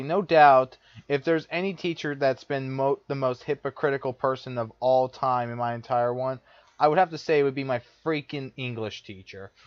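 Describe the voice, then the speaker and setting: A young man vlogging tells a personal story as an exasperated, profane rant that keeps repeating itself. His medium-pitched voice comes through a dull, lo-fi, dry recording with no echo.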